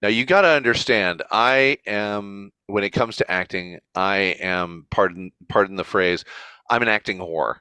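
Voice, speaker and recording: A man telling stories in a casual interview as a convention organizer, chatty and animated. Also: fairly low pitch, measured pace, clear, resonant tone, no echo.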